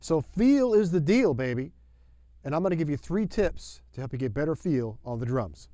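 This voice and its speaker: A man's voice: on the high side, big pitch swings, normal speed, mellow. A man teaching a drum lesson to camera in an upbeat, folksy, emphatic way, sometimes singing drum syllables. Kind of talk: video lesson.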